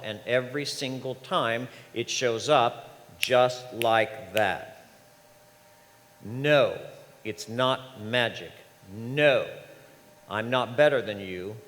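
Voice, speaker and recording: A man's voice: medium pitch, a bit bright. Man preaching a story-filled sermon in a hall. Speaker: minister. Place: large church sanctuary. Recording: reverberant hall, faint ambience.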